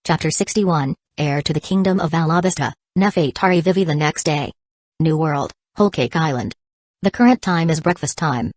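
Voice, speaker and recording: A woman's synthetic voice narrating a web novel audiobook in a flat, even reading. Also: deep voice, moderate pace, dry recording.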